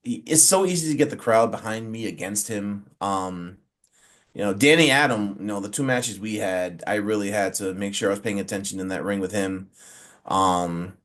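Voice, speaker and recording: A man's voice: fairly low pitch, moderate pace. A forty-year-old man, a wrestler and referee, speaking as an interview guest in a casual way, full of fillers and acting out quotes as he tells stories. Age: 40s. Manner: animated storyteller who acts out quotes, many fillers.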